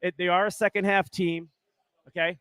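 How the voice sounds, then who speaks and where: Sports podcast host, male, high voice, dry close sound, rambling and excitable. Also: normal speed, smooth, no room sound. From Arizona. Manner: excitable, rambling, says "right?" often. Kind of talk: casual sports chat.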